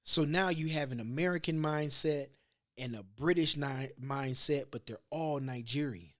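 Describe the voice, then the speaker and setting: This podcast host is a man whose voice runs a little high, speaking at a moderate pace. In relaxed conversation, he spins rambling stories laced with profanity, keeping things loose.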